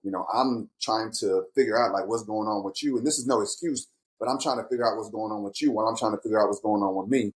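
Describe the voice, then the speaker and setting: A man's voice: fairly low pitch, fast talker, hardly any pauses, poor audio. A middle-aged man hosting a casual, heartfelt chat with his grown kids, speaking candidly and reflectively. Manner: candid, reflective, animated when quoting himself. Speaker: podcast host and father.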